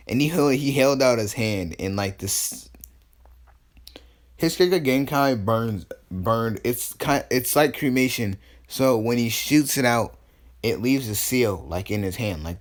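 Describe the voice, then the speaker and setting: A man's voice: on the low side, measured pace. A man casually retelling a fan story, rambling with lots of fillers. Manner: rambling, full of fillers and restarts.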